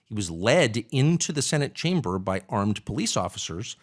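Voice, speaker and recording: A man's voice: on the low side, big pitch swings, moderate pace. A man who is a political commentator, speaking as an interview guest with emphatic, indignant rhetorical questions. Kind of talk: candid conversational interview.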